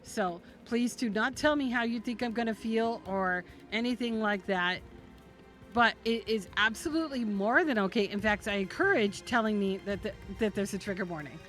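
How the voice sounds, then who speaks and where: A young woman streams a game and talks to her chat in a chatty, earnest way. Her voice sits at an ordinary mid pitch, with faint game music under her. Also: moderate pace, fairly bright tone. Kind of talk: casual live-stream chat.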